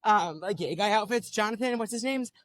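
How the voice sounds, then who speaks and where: A man hosting a podcast, out of breath and riffing quickly with jokes in casual chat. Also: high voice, fairly bright tone, dry recording, studio quality. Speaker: podcast host.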